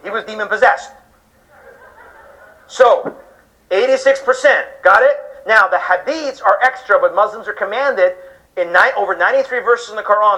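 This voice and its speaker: A man's voice: sits high, pushed and bright, rough recording. A man preaching a sermon-style lecture to an audience, emphatic, firing off rhetorical questions and acting out listeners' reactions.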